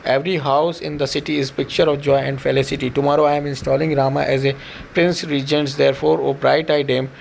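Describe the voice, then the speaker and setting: A doting aged king pleads with his beloved queen in a level, unvaried voice, as a man reads him aloud. The tone is gravelly and rough at the edges. A faint hiss of noise sits behind it. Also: mid-range voice, flat delivery, quick pace, poor audio. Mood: tender.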